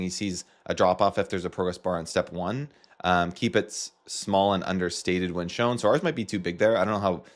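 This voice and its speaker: A man with a Canadian accent, casually walking through a marketing tutorial with joking asides. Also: low-pitched. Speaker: marketing coach. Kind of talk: screen-share tutorial.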